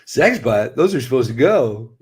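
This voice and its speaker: A man's voice: medium pitch, very animated, moderate pace, darkish tone, breathy edge. A man co-hosting a casual late-night stream, joking dryly and reading a passage aloud in a grave tone. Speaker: podcast co-host and chat mod.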